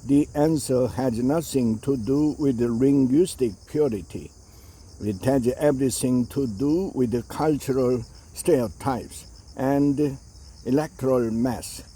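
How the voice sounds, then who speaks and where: A man reading an opinion essay aloud in a measured way, with the odd hesitation. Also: medium pitch, warm tone, slightly rough.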